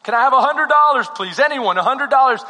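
A man's voice: very high-pitched, expressive, fast, sharp tone, long reverb tail, exaggerated voice. A man voicing a firm, businesslike male auctioneer who keeps insisting on his order of sale. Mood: insistent.

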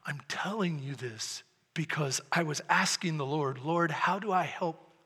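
A male pastor preaching a sermon, impassioned, swinging from shouted peaks to low, hushed lines. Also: unhurried, slightly rough, long reverb tail.

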